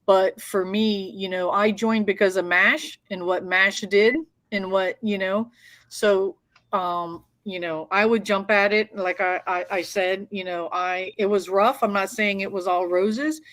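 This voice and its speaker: A woman's voice: medium pitch, steady tone, unhurried, a bit bright. A woman veteran appearing as a guest in an interview, speaking in an earnest, reflective way. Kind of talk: casual interview chat.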